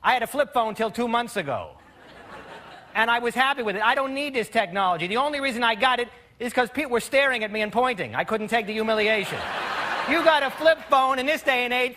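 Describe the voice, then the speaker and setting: An American man telling stand-up jokes in a wry, offhand way, pausing for punchlines on a TV studio stage. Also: extremely high pitch, expressive. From United States. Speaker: stand-up comedian. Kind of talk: stand-up routine. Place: TV studio stage before a live audience. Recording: loud studio audience laughter and noise.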